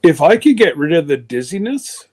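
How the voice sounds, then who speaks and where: A man's voice: a little high, big pitch swings, normal speed, a little mellow, a little hiss or hum. A man hosting a live stream in a folksy, meandering way, his chest congested from pneumonia. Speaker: livestream host. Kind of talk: rambling casual chat.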